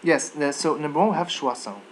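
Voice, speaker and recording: A man's voice: a little high, fairly quick, slight background noise, poor audio. A man teaching a live online English lesson, checking students' answers by name and modeling pronunciation.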